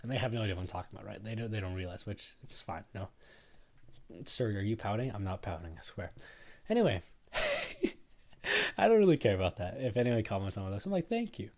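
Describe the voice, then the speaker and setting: Young male podcaster, lowish voice, rambling and self-deprecating, casual solo storytelling. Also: wildly swooping pitch, fast. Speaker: podcast host.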